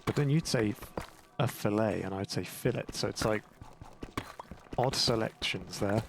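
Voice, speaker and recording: A man's voice: lowish voice, measured pace, gravelly, background noise. A young English man with an English accent chatting in a rambling, self-mocking way while commentating his gameplay. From England. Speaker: gaming YouTuber. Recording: game music playing behind.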